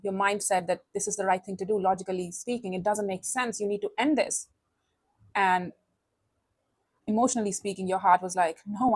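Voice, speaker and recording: A woman's voice: medium pitch, dry recording. Woman giving a chatty tarot reading. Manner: conversational, calls listener honey, asks tag questions. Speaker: tarot reader.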